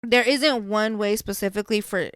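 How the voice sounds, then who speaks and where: A woman's voice: medium pitch, fairly even intonation, normal speed, fairly bright tone, clean tone, no echo. A woman hosting a podcast, chatting casually in a blunt, profane way. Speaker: podcast host.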